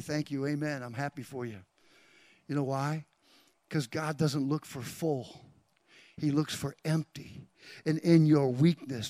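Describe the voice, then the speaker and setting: A male pastor preaching a sermon, speaking directly to the congregation and calling out names, swinging from hushed whispers to loud climaxes. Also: fairly high pitch, dry recording.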